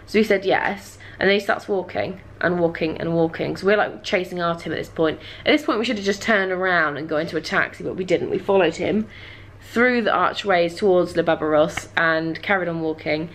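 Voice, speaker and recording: A woman's voice: fairly low pitch, fast, slight background noise. A young woman vlogger telling a travel story to camera in a chatty, casual way, laughing often and dropping dry asides.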